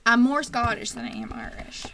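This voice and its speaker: Texan woman co-host, gravelly, fairly high voice, chatty and playful. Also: very animated, moderate pace, background noise. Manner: chatty and playful, laughs often. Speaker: co-host of a wig shop livestream. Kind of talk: casual chat.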